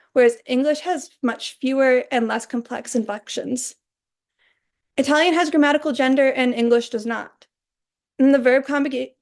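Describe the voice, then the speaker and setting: Young woman walking thru a class presentation, higher voice w some gravel. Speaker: student presenter.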